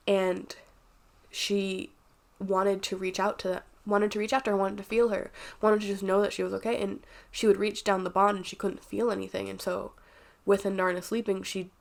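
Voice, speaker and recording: A woman's voice: medium pitch, vocal fry. Congested woman chatting about a book. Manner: chatty, rambling, candid. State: congested, sniffly. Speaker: book reviewer. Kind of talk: casual book review.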